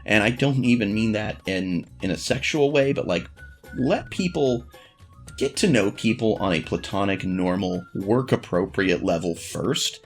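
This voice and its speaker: A man's voice: on the low side, lively intonation, measured pace, soft background music. A man vlogging frank dating advice in a blunt, profane, self-deprecating casual monologue.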